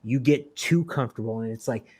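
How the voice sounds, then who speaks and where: A man co-hosting a podcast, talking earnestly and at length, voice sinking quietly at the ends of thoughts. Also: medium pitch, a little fast, slightly rough. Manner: earnest, preachy, trails off quietly. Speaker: podcast co-host. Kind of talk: casual podcast discussion.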